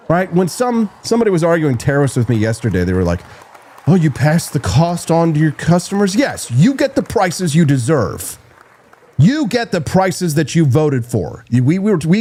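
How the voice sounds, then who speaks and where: High, animated ranting male host. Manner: loud, mocking, ranting. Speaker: talk show host. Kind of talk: heated political rant.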